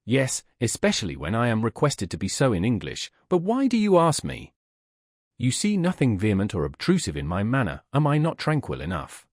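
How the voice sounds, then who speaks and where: A man's voice: mid-range voice, huge pitch swings, brisk, dry recording, clean studio sound. A man voicing a stern but tender young male teacher, speaking earnestly and insistently. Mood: calm.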